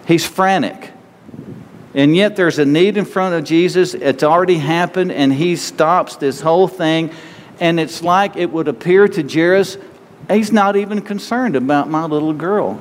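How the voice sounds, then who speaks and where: A man preaching a sermon in an earnest, conversational way, acting out pleading voices as he retells the story. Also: on the high side. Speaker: pastor. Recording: hall reverb with faint ambient noise.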